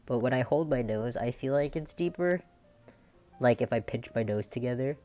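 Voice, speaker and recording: A woman's voice: rumbling low, normal speed, mellow, faint music behind. A woman streamer with a nasal, androgynous voice, chatting casually and rambling, laughing often. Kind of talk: casual chat.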